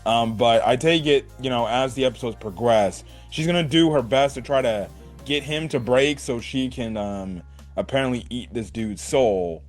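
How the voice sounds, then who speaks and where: A man giving a casual video review, animated and laughing often, swearing and tossing in "right?" after his points. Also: mid-range voice, normal speed, faint music behind. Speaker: anime reviewer.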